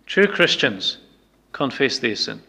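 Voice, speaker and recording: Emphatic preacher in a reverberant hall. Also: male voice, mid-range voice, big pitch swings, takes it slowly, creaky, bright, forceful tone. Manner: emphatic, repeats lines and acts out excuses in quoted voices. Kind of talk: sermon.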